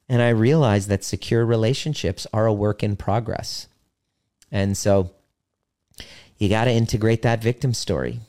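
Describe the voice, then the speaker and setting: Deep voiced guy coaching on relationships, blunt, swears sometimes, slows down for emphasis. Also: mellow. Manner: slows down to stress key points. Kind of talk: motivational talk to listeners.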